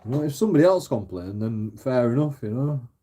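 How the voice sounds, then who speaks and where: A man's voice: mid-range voice, expressive, brisk, very noisy. A man hosting his channel, ranting casually, swearing freely and laughing often between rambling restarts. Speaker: channel host.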